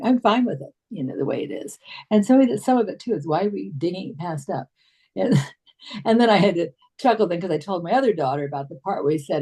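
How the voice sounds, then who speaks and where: A woman's voice: on the low side, animated, brisk, warm tone, husky. A middle-aged woman in a casual book group discussion, chattily retelling family conversations.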